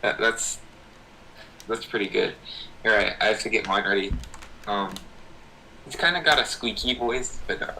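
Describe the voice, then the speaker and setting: A young man with a lowish voice and a very bright, forceful edge, chatting in a laid-back way on a livestream. He reads out chat messages between comments. Faint hiss under the voice. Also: moderate pace, creaky, long pauses, poor audio. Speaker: livestream co-host.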